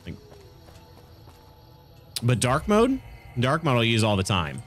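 A stuffy-nosed man streams a video game, chatting casually with viewers, reacting to chat and laughing often. His mid-range voice is fairly bright and swings hugely in pitch, and he takes his time. Soft music plays in the background.

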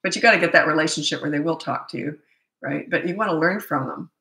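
A woman in her sixties hosts a live-stream Q&A as a parenting coach. Her voice sits fairly low but sounds bright and forceful. She talks in a chatty, candid way, wandering into asides, and her voice rings in a roomy, echoey space. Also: quick pace. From North America. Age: 60s. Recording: echoey room.

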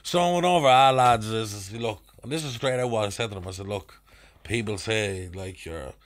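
A man's voice: on the low side, normal speed. A young Irish man with a Dublin accent telling a drunken anecdote as a podcast guest, with crude slang and acted-out voices. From Ireland. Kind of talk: casual storytelling.

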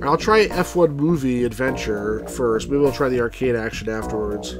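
A man's voice: medium pitch, normal speed, over loud music. A man hosting a let's play, giving casual, rambling commentary full of fillers and frequent chuckles.

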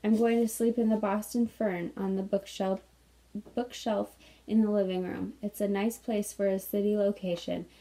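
A woman's voice: medium pitch, level tone, normal speed, warm tone, close to an everyday voice, low-quality recording. A woman voicing a tiny, courteous female bird with a sore throat, reading a storybook aloud.

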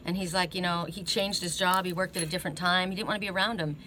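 Rambling woman with a bright, lowish voice. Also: fairly even intonation, quick pace, slight background noise. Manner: rambling retelling full of "you know" and "right?"; self-interrupting, restarts her sentences often. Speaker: oracle card reader. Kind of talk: casual storytelling in a card reading.

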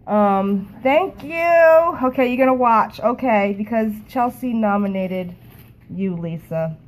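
A woman talking to a phone camera in an emotional, halting way, often repeating herself. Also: on the high side, low-quality recording. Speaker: network marketing team member. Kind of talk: emotional casual talk to camera.

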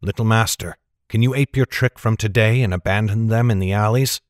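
A man voicing a wary male mage who speaks in a measured, grave way, in an audiobook reading. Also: on the low side, no room sound, clean studio sound, lightly acted.

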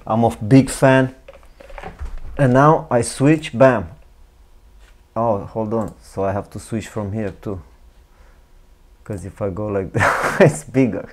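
A man's voice: lowish voice, darkish tone. A middle-aged man with a non-native accent, hosting a casual reaction show, chatty and profane, laughing often. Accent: non-native English. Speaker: host reacting to a video.

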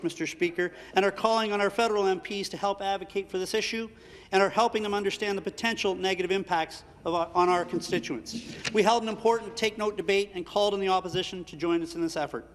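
Fast-talking minister in a reverberant chamber. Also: male voice, sits high, steady tone. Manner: rapid formal speechmaking. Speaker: associate minister of energy. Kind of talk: parliamentary answer. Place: legislative chamber.

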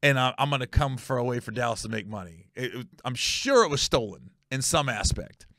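A middle-aged man from Ohio hosts a comedy podcast, telling stories in an animated, emphatic way with quick asides and self-corrections. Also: medium pitch, no room sound, clean studio sound. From Ohio, USA.

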